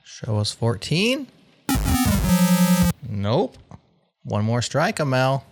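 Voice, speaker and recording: A man's voice: mid-range voice, sing-song, very slow, over loud music. A man hosting a podcast game show, reading out survey results in a playful, wry way.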